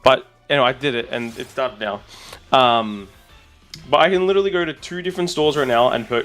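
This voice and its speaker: A man, a streamer, chatting casually and excitably with his audience while rambling on. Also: a little high, normal speed, faint music behind. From Australia. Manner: excitable, rambling, talks to chat. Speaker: streamer and content creator. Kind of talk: casual live-stream chat.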